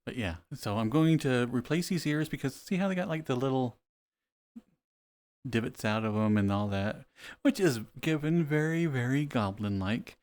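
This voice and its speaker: A man chatting casually on a live stream, playful and relaxed, laughing often. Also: mid-range voice, normal speed. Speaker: VRChat streamer.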